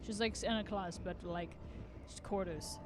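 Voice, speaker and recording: Young adult streamer, chatty and excitable, swears a lot, mid-pitched voice, loud game sounds behind. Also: moderate pace, background noise. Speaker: livestreamer playing a horror game. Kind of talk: casual live gameplay chat.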